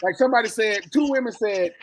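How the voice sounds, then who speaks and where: A man co-hosting a casual sports podcast, talking in an animated, joking way and acting out the people he quotes. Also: sits high, quick pace, poor audio. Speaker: podcast co-host.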